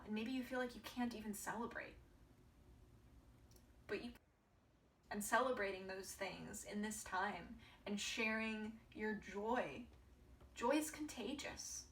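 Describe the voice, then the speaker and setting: A woman reads tarot for her viewers in an earnest, reassuring way, and her voice sometimes sinks into soft half-whispers. The mic sits well away from her, so the sound is roomy and hollow. A faint hiss runs underneath. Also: mid-range voice, far from the mic. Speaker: tarot reader. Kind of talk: pick-a-pile tarot reading to viewers.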